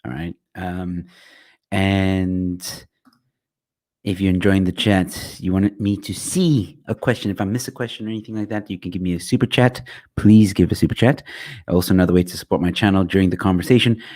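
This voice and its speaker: A man's voice: sits low, steady tone, normal speed, darkish tone. A young man hosting a casual livestream chat, jokey and rambling as he plugs his channel, on a good microphone. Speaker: livestream host. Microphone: good quality microphone.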